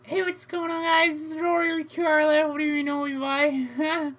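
High, chirpy young gamer lad, eager and chatty, a man putting on the voice. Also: level tone, normal speed, loud music behind the voice.

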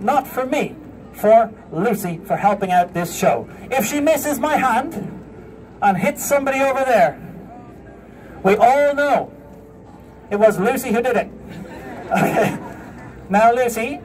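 A man doing a comic street show, joking and bossing his volunteers around. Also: very high-pitched. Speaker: street performer. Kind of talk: street show patter with crowd. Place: outdoor street show in a city. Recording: distant outdoor crowd recording. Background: crowd laughing and street noise.

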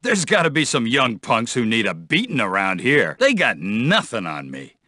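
An actor playing a corrupt, bullying middle-aged police officer in video game voice lines, gruff and menacing, recorded on a studio mic. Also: male voice, medium pitch, huge pitch swings, moderate pace, pushed and bright, no room sound, heavily acted. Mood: smug.

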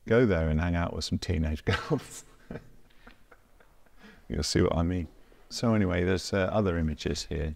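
A man's voice: extremely low pitch, creaky, a little mellow. A man, a visual artist, casually talking through his own works in a gallery, thinking aloud with dry, self-deprecating humor. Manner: rambling, thinking aloud with hedges.

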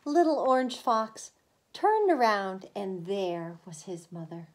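Preschool teacher, woman, mid-pitched, storybook read-aloud for kids, very slow and expressive. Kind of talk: reading a picture book aloud to children.

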